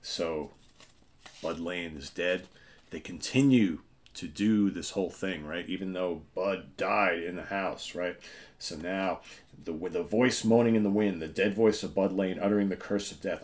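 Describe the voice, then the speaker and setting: A man's voice: low voice, a little slow. A man hosting a casual comic book show, retelling the story in a chatty way and often asking "right?". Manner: chatty, keeps checking in with "right?"; retells the plot and reads captions aloud.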